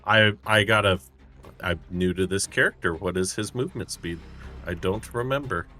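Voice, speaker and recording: A man's voice: low-pitched, normal speed, sharp tone, faint music behind. A man playing a tabletop game, asking about the rules and thinking his moves through aloud. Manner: asks questions, thinks aloud. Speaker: player.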